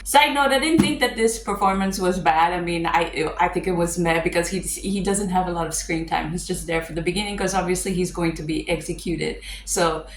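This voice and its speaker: A woman's voice: fairly low pitch, brisk, hardly any pauses. Woman, casual vlogger-style film reviewer, chatty with dry asides; roomy echo, faint hiss. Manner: chatty, with fillers and wry asides. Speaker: movie reviewer. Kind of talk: casual movie breakdown.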